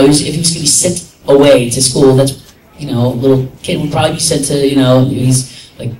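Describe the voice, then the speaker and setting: Animated man telling stories in an echoey hall. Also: medium pitch. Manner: animated, laughs often, mimics voices. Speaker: convention guest voice actor. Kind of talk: casual storytelling at a convention panel. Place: convention panel room. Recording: echoey room, somewhat distant, faint noise.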